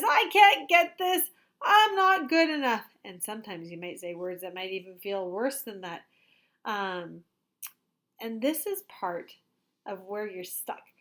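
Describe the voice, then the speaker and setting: A woman teacher talking gently and expressively to young children in a recorded lesson. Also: mid-range voice. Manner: gentle and expressive, acting out a child's feelings in quotes.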